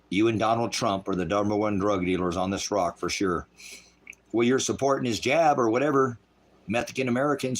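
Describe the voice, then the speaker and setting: A middle-aged man preaching in an angry, profane livestream style, voice swinging loud. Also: lowish voice. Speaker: street preacher.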